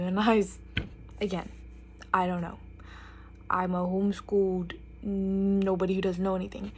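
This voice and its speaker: A woman's voice: mid-range voice, flat delivery, normal speed, slight background noise. A young woman telling a chatty storytime while getting ready, animatedly quoting others. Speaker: vlogger.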